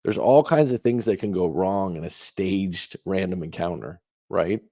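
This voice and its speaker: A man's voice: low voice, a little slow, warm tone, no room sound, studio quality. A man giving relationship advice as a coach, talking emphatically with lots of rhetorical questions. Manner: emphatic, rhetorical questions, acts out quoted lines. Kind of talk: advice talk reacting to questions.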